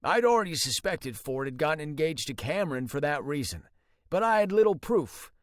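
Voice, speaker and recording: A man's voice: a little high, sing-song, fairly quick, dry recording, studio quality, voice pushed up. A male audiobook narrator voicing a smug adult brother who answers in a defensive, self-justifying way.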